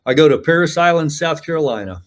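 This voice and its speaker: A man's voice: on the high side, lively intonation, fast talker. A man in his fifties telling stories as an interview guest, rambling with frequent fillers, restarts and a habit of saying "man.". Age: 50s. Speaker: interview guest, combat veteran. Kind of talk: casual storytelling interview.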